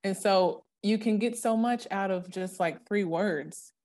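A woman's voice: medium pitch, unhurried, a little mellow. A young adult woman co-hosting a Christian podcast in casual chat, talking earnestly and leaning dramatically into the words she stresses. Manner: earnest, emphatic, dramatic when quoting scripture. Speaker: podcast co-host.

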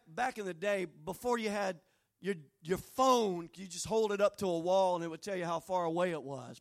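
A man preaching a sermon as pastor, telling folksy, joking stories that build into fervent, shouted exhortation. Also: high-pitched. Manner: folksy, humorous asides.

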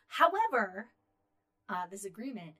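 A woman co-hosting a podcast, chatting casually about astronomy news with lots of ums and uhs and a loudness that rises and falls. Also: medium pitch, sing-song, measured pace. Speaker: podcast co-host.

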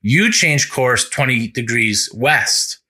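A calm lighthouse keeper who will not budge, voiced by a preacher. He speaks low, slow and deliberately in a steady, bright tone. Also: exaggerated voice. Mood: calmly firm.

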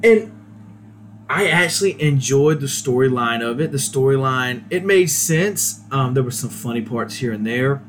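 A man's voice: medium pitch, expressive, moderate pace, slight background noise. A man hosting a podcast, giving a casual, rambling solo movie review with many hesitations. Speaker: podcast host.

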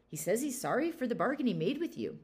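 A woman's voice: on the high side, very animated, fast, darkish tone, voice pushed up. A woman voicing a cheeky, mock-innocent young servant boy in a storybook reading. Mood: sly. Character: sly, cheeky young male servant lad.

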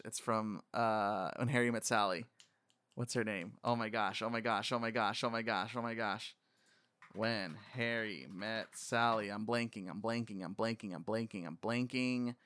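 A man's voice: lowish voice, steady tone, moderate pace, sharp tone, clear, resonant tone, dry recording, clean studio sound. Laid-back man riffing on a movie. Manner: rambling, laughs often, quotes scenes in voices. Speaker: podcast co-host. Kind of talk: casual movie commentary chat.

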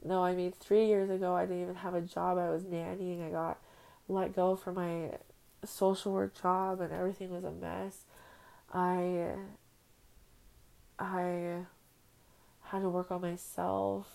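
A young woman speaks into her phone at home for her own podcast, in a heartfelt, rambling personal monologue. Her voice is gravelly and dark. She talks slowly and flatly, without much rise and fall. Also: on the low side, rough recording. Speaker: podcast host. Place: at home on a bed.

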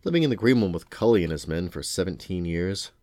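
A man reads the part of a practical woman cook from a storybook. She speaks mildly and plainly. The voice stays deep. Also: animated, quick pace, darkish tone, no room sound, studio quality. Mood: matter-of-fact. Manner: mild, matter-of-fact.

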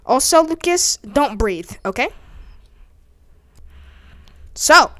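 Young woman, high voice, slow, playful, giggly, melodramatic shrieks. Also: expressive, fairly bright tone. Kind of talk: improvised role-play with a friend.

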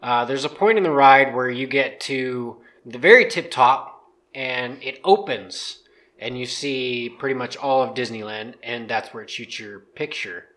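A man's voice: mid-range voice, measured pace, a bit bright. A young man chatting casually, rambling and repeating himself as he explains. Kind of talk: casual chat.

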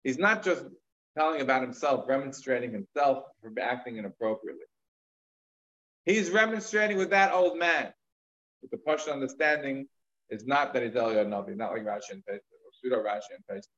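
A man's voice: mid-range voice, animated, brisk, a bit bright, lo-fi sound. A man teaching a Talmud lecture, retelling a story in a conversational way with casual fillers and asides. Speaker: rabbi teaching.

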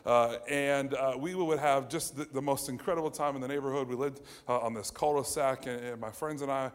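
Male, 30s, storyteller; lively anecdote delivery, lots of restarts, average pitch. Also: a little fast. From United States (Ohio). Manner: animated, lots of fillers and restarts. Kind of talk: personal anecdote told to an audience.

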